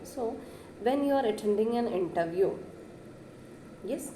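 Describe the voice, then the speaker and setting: A woman delivers a classroom lecture in a soft, mellow voice. She says "yes" again and again and lifts her pitch to stress points. The recording sounds echoey, with a faint hiss of background noise. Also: takes it slowly, long pauses. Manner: repeats "yes" often, stresses words with rising pitch.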